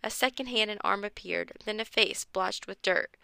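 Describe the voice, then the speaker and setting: A woman's voice: medium pitch, moderate pace, creaky, sharp tone, clean tone, dry recording. A woman reading a children's chapter book aloud with expression, raising her voice for the kids' lines. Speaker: storyteller.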